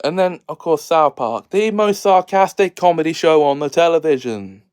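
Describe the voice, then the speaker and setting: A man's voice: fairly high pitch, expressive, normal speed, a little mellow, smooth. A man hosting a casual solo video, jokey and sarcastic, laughing often between lines. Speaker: video host.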